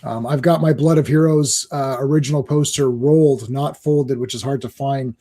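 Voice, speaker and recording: A man's voice: mid-range voice, fairly even intonation, moderate pace, dark tone. A man co-hosting a casual comic book chat, rambling, laughing often and quoting scenes in other voices. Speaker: podcast co-host. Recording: livestream call.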